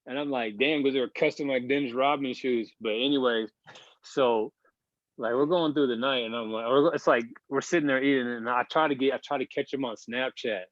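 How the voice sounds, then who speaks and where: A man's voice: mid-range voice, fairly even intonation, fairly quick, dry recording. Rambling man telling a story, dull sound. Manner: rambling, heavy filler words, profane. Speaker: podcast guest, basketball player. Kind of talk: casual storytelling.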